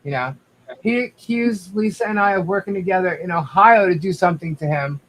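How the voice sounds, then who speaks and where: A man's voice: sits high, a little fast, a bit bright, rough recording. A man speaking as a guest on a livestream, rambling with frequent restarts and addressing the viewers directly. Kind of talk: casual livestream chat.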